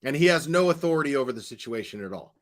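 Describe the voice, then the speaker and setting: A man's voice: medium pitch, animated, fast. A man hosting a casual reaction commentary, explaining points in a matter-of-fact, lecturing way. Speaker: commentary host.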